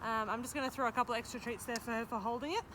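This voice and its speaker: A dog trainer with a slightly high, bright, pushed voice speaks rapid-fire with fairly even intonation while teaching a dog trick. She chats casually, breaking off to praise and cue her dogs, with beeping cues. The recording is outdoors and noisy.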